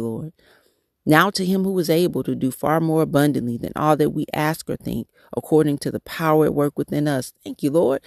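A man hosting a devotional podcast, praying and encouraging listeners in a halting, repetitive way. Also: a little high, creaky, a little mellow, no room sound, clean studio sound. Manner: halting, repetitive prayer phrasing. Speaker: podcast host leading prayer.

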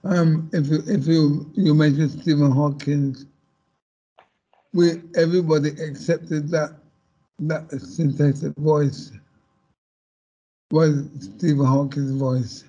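Slow, halting man with a husky voice. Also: on the high side, flat delivery, mellow, muffled recording. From Caribbean heritage. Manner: slow and halting, with many restarts. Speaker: panel guest. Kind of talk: panel discussion.

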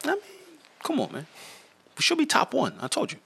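A man's voice: very high voice, wildly swooping pitch, fairly quick, vocal fry, bright, forceful tone, a little hiss or hum. A young man co-hosting a podcast in casual banter, joking, laughing and restarting his sentences. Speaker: podcast co-host.

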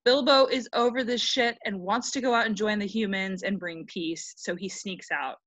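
A woman's voice: medium pitch, normal speed, a bit bright, no echo. A woman co-hosting a podcast, retelling a story in a joking, irreverent, swearing way. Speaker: podcast co-host. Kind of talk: casual chat with profanity.

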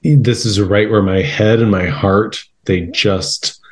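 A laid-back man co-hosting a podcast, joking at his own expense. He talks slowly, in a fairly low voice. His delivery is unhurried and easygoing. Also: steady tone. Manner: laid-back, self-deprecating. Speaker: podcast co-host. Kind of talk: casual chat.

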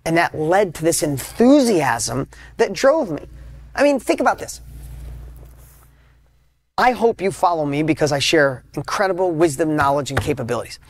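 A man hosting a motivational podcast, talking casually and emphatically, with sudden loud high peaks between quieter asides. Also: lively intonation, moderate pace, hardly any pauses, dry recording. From United States. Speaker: podcast host. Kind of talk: motivational talk.

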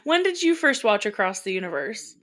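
A woman's voice: mid-range voice, sing-song, a little fast, fairly bright tone. A young adult woman co-hosting a podcast in casual chat, talkative and emotional, laughing easily. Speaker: podcast co-host.

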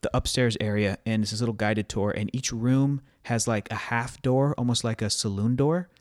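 A man's voice: medium pitch, fairly even intonation, normal speed, dry recording, studio quality. Rambling man telling stories. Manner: rambling storyteller, many fillers and restarts. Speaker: podcast co-host. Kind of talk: casual chat.

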